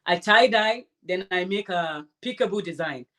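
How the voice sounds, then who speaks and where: A woman hosting a crafting livestream, chatting casually and warmly answering her viewers' comments. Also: fairly low pitch, lively intonation, normal speed. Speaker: crafting channel host.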